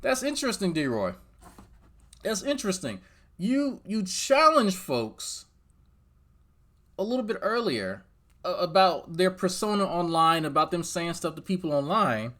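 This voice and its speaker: A male host reacts to a clip with profane, mocking commentary and addresses its subject directly. His pitch rises and falls a lot as he talks. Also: very animated, unhurried, fairly bright tone.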